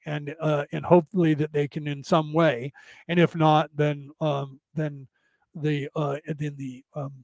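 On a dry recording, a podcast host with a fairly high-pitched voice walks through a text in a loose, rambling way. He frequently restarts and self-corrects, tagging his points with "right?" to check in with listeners.

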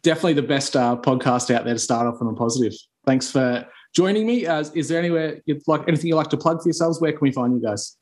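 A man's voice: a little high, fast, hardly any pauses, a little mellow. A man with an Australian accent hosting a casual podcast chat, upbeat and enthusiastic. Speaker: podcast host.

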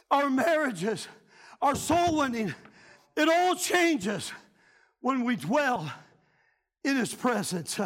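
Middle-aged man, pastor, very high voice, fervent revival preaching with shouted peaks. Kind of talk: revival sermon. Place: church sanctuary.

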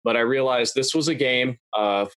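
A young adult man talking in a measured, analytical, plain-spoken way as a podcast guest. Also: medium pitch, a bit bright, clear, resonant tone, dry recording. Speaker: guest YouTuber. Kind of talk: casual podcast interview. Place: podcast studio.

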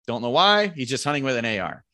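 Bright-voiced man telling a rambling hunting story. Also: medium pitch, big pitch swings, fast talker, no room sound, clean studio sound. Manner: rambling, profane, quotes friends in raised voices. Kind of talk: casual storytelling about hunting.

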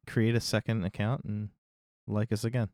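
A man co-hosting a podcast, animated and joking, laughing often as he chats. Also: lowish voice, moderate pace, no echo, clean studio sound. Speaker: podcast co-host. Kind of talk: casual podcast chat.

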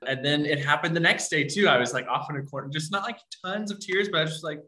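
A man's voice: fairly high pitch, fast, roomy sound, background noise. A man joining a casual podcast as a guest, joking about himself and getting emotional. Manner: self-mocking, emotional, joking.

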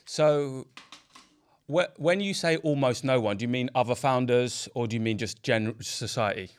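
A British man, a founder and podcast co-host, talking in casual chat and working through his thoughts with pauses. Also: mid-range voice, smooth. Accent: British English. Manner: thoughtful, hesitant when explaining.

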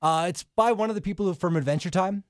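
A man's voice: sits high, fast, dry recording, studio quality. Easygoing man in a small booth. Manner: easygoing, joking. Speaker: podcast co-host. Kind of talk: casual chat.

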